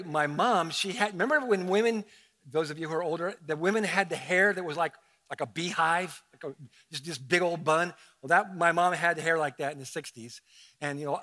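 A middle-aged man from Southern Ohio, a pastor preaching a sermon in a conversational, animated storytelling way with self-mocking asides. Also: a little high.

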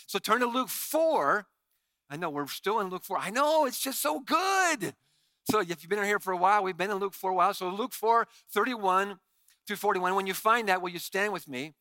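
A man preaching a sermon as pastor, reading scripture in an animated, emphatic way. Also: sits high, moderate pace, no echo.

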